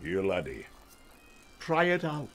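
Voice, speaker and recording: An actor playing a sly, coaxing older man, a husky voice, in a video game. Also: low voice, huge pitch swings, slow pace, faint music behind, exaggerated voice. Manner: coaxing, persuasive. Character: scheming older man, sly recruiter, wheedling.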